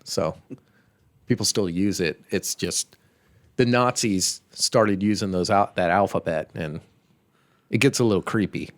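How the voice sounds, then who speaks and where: An American man with a somewhat low voice chats on a podcast. He throws in dry, joking asides and teases his co-hosts. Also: unhurried, long pauses. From United States. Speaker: podcast co-host. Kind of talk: casual podcast chat.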